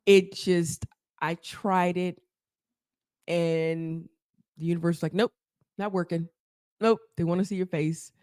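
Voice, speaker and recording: A woman, a therapist, telling her story as a podcast guest, animated and laughing often as she acts out quotes. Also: fairly low pitch, unhurried, long pauses, no echo, clean studio sound. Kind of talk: casual storytelling interview.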